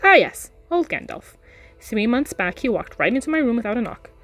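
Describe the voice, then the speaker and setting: A woman's voice: a little high, very animated, fairly bright tone, soft background music, pitched above the performer's own voice. A woman doing a bumbling chatty innkeeper. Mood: remembering. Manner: rambling, apologetic, slow to the point. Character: bumbling chatty middle-aged male innkeeper.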